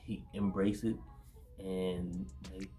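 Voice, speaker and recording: A man co-hosting a casual faith conversation, halting and full of fillers, with a stutter. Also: sits low, level tone, warm tone, faint music behind. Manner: halting, many fillers, laughs easily. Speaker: podcast co-host.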